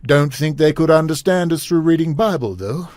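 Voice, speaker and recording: A man's voice: normal speed, a little mellow, dry recording, close to an everyday voice. A man doing a plummy, stuffy old British royal. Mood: pompous. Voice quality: clumsy put-on posh British accent. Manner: plummy, self-mocking, raised pitch. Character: stuffy older male British royal writing a letter.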